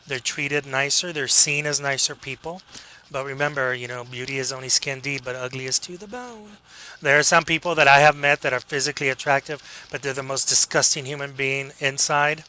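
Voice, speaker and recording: A man giving a casual classroom lecture, joking with students, acting out quick examples and checking in with a frequent "okay?". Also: medium pitch, steady tone, sharp tone, slight background noise, low-quality recording. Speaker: college lecturer.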